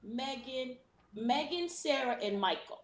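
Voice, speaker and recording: A woman co-hosting a casual podcast chat, explaining her points at length and deliberately. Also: high voice, lively intonation. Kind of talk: casual chat recapping a reality show. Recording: roomy echo.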